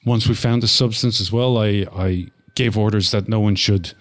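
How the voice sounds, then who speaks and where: A man voicing a nervous woman official in a hurry, hesitant and full of fillers, in a low voice. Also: fairly even intonation, moderate pace, close to an everyday voice.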